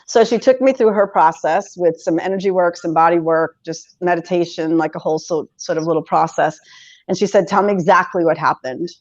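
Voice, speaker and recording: A woman in her forties, a podcast guest telling a personal story in conversation, animated and quick to laugh as she acts out her past reactions. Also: lowish voice, no room sound. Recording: dull lo-fi sound, dry.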